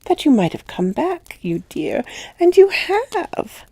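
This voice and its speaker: A sweet little girl, high slow drawl. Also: very animated, gravelly, dark tone, no room sound, heavily acted. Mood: coaxing. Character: sweet, innocent little girl, calm and serene.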